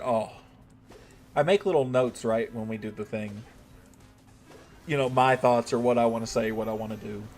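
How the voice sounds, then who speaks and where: A man chats loosely with his live stream audience while he plays. He jokes, teases, and swears freely. His voice sits at a middle pitch, with soft music playing underneath. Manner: joking, talks to chat, swears. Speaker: game streamer. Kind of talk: casual live-stream chat.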